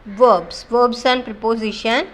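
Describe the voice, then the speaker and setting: A woman's voice: fairly high pitch, steady tone, slow. A woman teacher with an Indian English accent, explaining word stress in a classroom lesson and repeating example words for drill.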